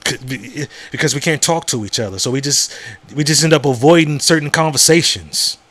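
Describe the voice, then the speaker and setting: A man's voice: a little high, a little fast, a bit bright. Male podcast host, casual monologue, blunt and repetitive, conversational. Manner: conversational, repeats words and asks "you know what I'm saying?"; frank and profane.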